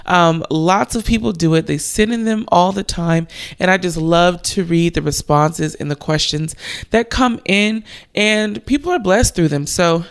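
Woman, twenties, devotional podcast host, earnest, slow emphasis, some vocal fry. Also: fairly low pitch.

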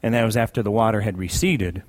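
A man's voice: on the low side, quick pace. A man sharing a personal testimony in a sermon, conversational and emphatic, repeating key phrases for weight. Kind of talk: sermon storytelling.

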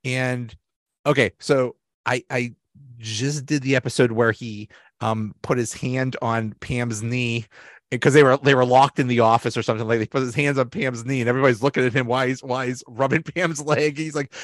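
A man's voice: medium pitch, moderate pace, dry recording, clean studio sound. A man hosting a podcast in casual chat, talking loosely, laughing often and acting out quotes. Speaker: podcast host.

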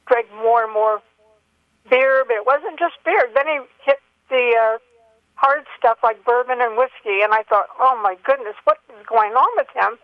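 An older woman calling in by telephone, telling a long personal story in an earnest, halting way with many fillers. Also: a little high, no room sound. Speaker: caller. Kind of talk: phone-in call. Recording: dull telephone line.

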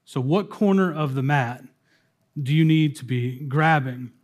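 High-voiced man preaching a conversational sermon. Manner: conversational preaching with slow dramatic pauses. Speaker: pastor.

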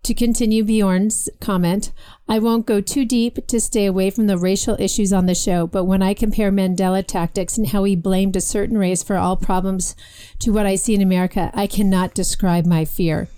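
Mellow-voiced woman co-hosting a chat. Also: medium pitch, smooth. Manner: lively, chatty, quick asides. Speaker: podcast co-host. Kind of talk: casual political chat.

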